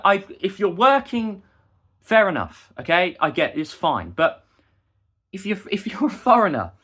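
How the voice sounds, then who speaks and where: Man, young adult, indignant monologue, bright tense voice, lively pitch. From England. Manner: heated, indignant, emphatic. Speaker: busker and vlogger. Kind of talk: ranting monologue to camera.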